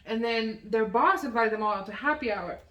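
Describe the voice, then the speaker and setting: High, bright woman heard from off-mic. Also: fairly quick, echoey room, far from the mic, lo-fi sound. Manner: chatty, laughs often, acts out quotes. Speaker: podcast co-host. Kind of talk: casual chat.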